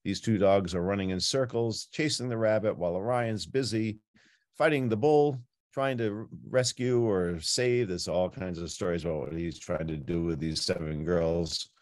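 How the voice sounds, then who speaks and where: A man presenting a night sky tour, teaching in a chatty, playful way with frequent jumps in pitch. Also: normal speed, darkish tone, no room sound, clean studio sound. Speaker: planetarium presenter. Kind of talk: informal astronomy talk.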